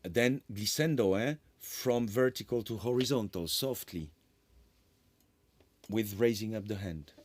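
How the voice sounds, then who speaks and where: A man's voice: lowish voice, unhurried, a little mellow, no echo. A middle-aged man, a composer giving a conference lecture on his work, rambling and correcting himself with apologetic asides. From France.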